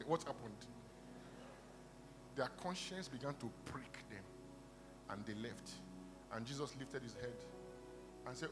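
A man preaching a sermon in a church, retelling a parable and praying aloud, swinging from quiet storytelling to loud bursts of prayer. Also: mid-range voice, slow pace, pauses often. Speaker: pastor. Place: church hall. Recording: reverberant hall with music behind. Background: instrumental music.

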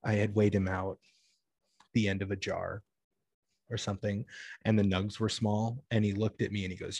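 A man's voice: lowish voice, flat delivery, normal speed, pauses often, a little mellow, slightly rough, no echo. A young man talking in a casual chat, rambling with lots of filler words and free swearing. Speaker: guest.

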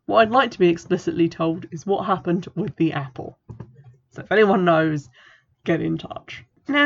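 A woman's voice: on the low side, creaky. A woman hosting a podcast who gives a sarcastic, exasperated book review and reads passages aloud. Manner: sarcastic, exasperated, swears casually. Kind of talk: casual spoken review with reading aloud. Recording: dull lo-fi recording.

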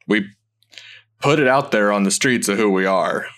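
A man playing a tabletop game, blunt and quick to object, with the odd swear word. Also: fairly low pitch, a bit bright, clean tone. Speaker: player. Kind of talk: casual tabletop chat.

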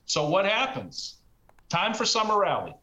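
A man giving his market outlook in a financial panel discussion. He speaks with confident emphasis, and his voice is bright and forceful. His pitch sits slightly high. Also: very animated, normal speed, rough recording. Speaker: market commentator.

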